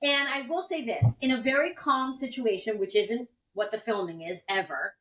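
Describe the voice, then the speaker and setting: Podcast co-host, female, talky explainer with lots of fillers; slightly high voice, a little off-mic. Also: moderate pace, a bit bright, recorded from a distance, low-quality recording. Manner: chatty, explains at length with frequent fillers. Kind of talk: casual chat.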